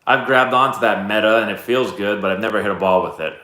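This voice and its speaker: A man in his thirties hosting a live stream, answering chat questions in a relaxed, rambling, self-deprecating way. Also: lowish voice, quick pace. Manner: laid-back, rambling, self-deprecating storyteller. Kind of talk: casual chat. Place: indoor room, live stream. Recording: roomy echo.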